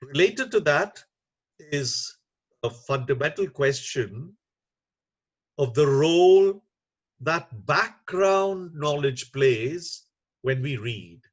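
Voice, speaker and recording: Male webinar lecturer, slow and measured, muffled computer mic. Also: on the high side, lively intonation. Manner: measured, unhurried, with frequent uh fillers. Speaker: webinar lecturer on teaching reading. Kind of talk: online lecture.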